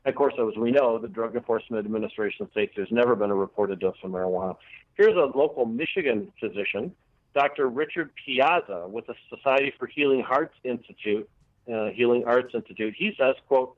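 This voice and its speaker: A man's voice: mid-range voice, a little fast, no echo. A man hosting a radio show who reads news items and quotes, adding sarcastic asides. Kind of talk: reading cannabis news. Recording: dry, tinny phone-like radio audio.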